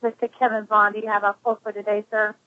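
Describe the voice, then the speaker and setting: Fast-talking woman pastor on a phone line. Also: mid-range voice, level tone, dry recording. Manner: warm, affirming, quick-talking. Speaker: pastor hosting the call. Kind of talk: conference call hosting. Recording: phone-line conference call.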